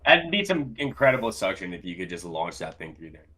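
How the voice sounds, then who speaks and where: A young man co-hosting a casual podcast chat. He reacts quickly with short quips and swears freely. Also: deep voice, sing-song, a crowd in the background. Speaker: podcast co-host.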